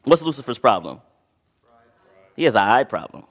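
A preacher delivering a sermon who reads scripture with dramatic swells and drops in volume and keeps asking the congregation to fill in the next word. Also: male voice, medium pitch, sing-song, normal speed, fairly bright tone. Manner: asks the congregation to fill in words, then answers himself. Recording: long reverb of a large hall.

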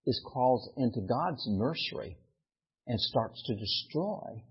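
A man preaching a sermon with animated delivery that rises to emphatic peaks. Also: mid-range voice, takes it slowly, breathy edge, lo-fi sound. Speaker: pastor.

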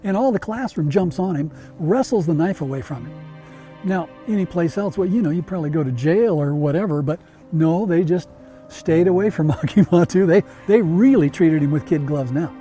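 Man, talk show host, storytelling, animated, emphatic repetition, high voice. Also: normal speed, faint music behind. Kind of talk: storytelling in casual chat.

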